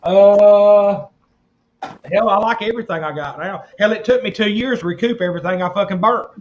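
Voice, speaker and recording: A man with a high voice tells rough, profanity-laced stories in loud bursts. The sound is muffled and a bit dull, as if coming over an online call, with a faint hiss behind him. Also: normal speed. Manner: profane, rowdy storytelling. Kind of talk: casual chat.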